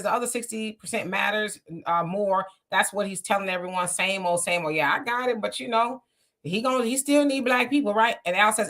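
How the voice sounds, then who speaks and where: A woman hosting a casual livestream, greeting viewers by name and reading their comments aloud with quick agreement. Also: mid-range voice, pushed and bright.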